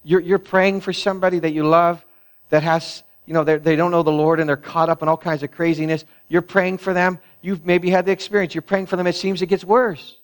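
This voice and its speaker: A man's voice: on the high side, little pitch movement, brisk. A male pastor preaching a sermon in a conversational way that rises to emphatic peaks.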